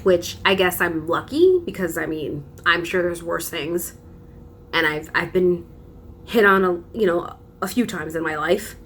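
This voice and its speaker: A woman's voice: on the low side, expressive, measured pace, fairly bright tone, a little hiss or hum. A young woman vlogging casually, telling a story with dramatic emphasis and frequent laughs.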